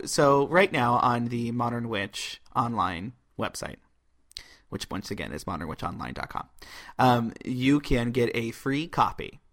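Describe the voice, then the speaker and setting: A man's voice: medium pitch, a bit bright. A man from Ohio hosting a podcast, chatting casually and plugging his website with many "um"s. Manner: loose, joking, many "um"s. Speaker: podcast host. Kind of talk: casual chat and plugs.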